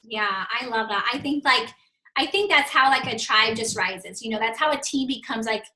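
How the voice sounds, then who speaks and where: A woman's voice: fairly high pitch, moderate pace, sharp tone. A woman hosting a casual group call, asking eager questions with many fillers. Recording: echoey room.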